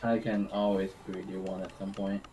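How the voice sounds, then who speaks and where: A man's voice: low-pitched, flat delivery, moderate pace, mellow, slight background noise. A man joining a game stream over voice chat, teasing and easygoing. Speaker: friend on voice chat. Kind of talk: casual gaming chat. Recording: roomy echo.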